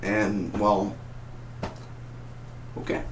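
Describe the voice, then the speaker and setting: A man giving a casual spoken review of a TV episode, excitable and rambling, often repeating and restarting his words. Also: fairly low pitch, very slow, a little hiss or hum. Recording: echoey home room.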